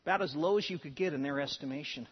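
A man's voice: fairly high pitch, fast, slightly rough. A man preaching a sermon in an earnest way, with strong emphasis at times. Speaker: pastor. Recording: dull sound with long hall reverb.

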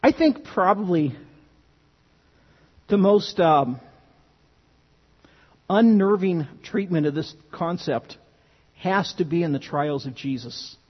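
A man's voice: high-pitched, animated, slow, long pauses, husky. A man preaching a sermon, earnest and emphatic, often restarting his phrases. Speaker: pastor. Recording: dull, lo-fi sound with long hall reverb.

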